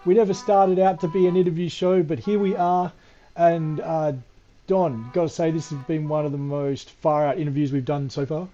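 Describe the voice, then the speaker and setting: A man's voice: a little high, steady tone, normal speed, dark tone. A man hosting a podcast, casually rambling with many hesitations. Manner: rambling, hesitant, says mate. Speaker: podcast host. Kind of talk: casual interview chat. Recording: dull lo-fi audio with faint music.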